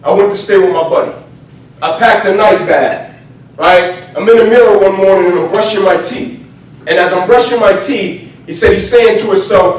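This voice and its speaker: A man giving a motivational talk as a story, repeating "right?" in a steady rhythm and dropping soft and low for quoted speech. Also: normal speed. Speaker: motivational speaker. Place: event venue. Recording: echoey, from far off with faint ambience.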